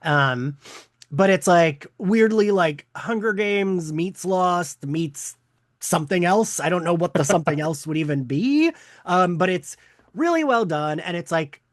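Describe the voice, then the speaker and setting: A man's voice: high-pitched, lively intonation, unhurried, dry recording, studio quality. A man who is a teacher, speaking as a podcast guest in casual chat, hesitant and full of "um" and "like". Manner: hesitant, many "um" and "like".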